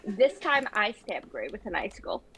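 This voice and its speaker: A woman playing in a tabletop game, chatting casually with playful, deadpan complaints. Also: medium pitch, moderate pace, creaky, crowd noise, poor audio. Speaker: player.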